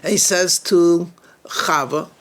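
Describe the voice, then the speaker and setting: A male rabbi delivering a storytelling sermon, deliberate and questioning, with halting restarts now and then. His voice is fairly high and he speaks slowly, drawing out his points. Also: fairly bright tone.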